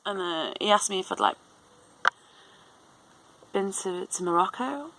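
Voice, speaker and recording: A woman's voice: medium pitch, sing-song, measured pace, noisy background. A woman in her thirties telling a long story in a rambling, casual way, full of fillers and restarts. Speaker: vlogger.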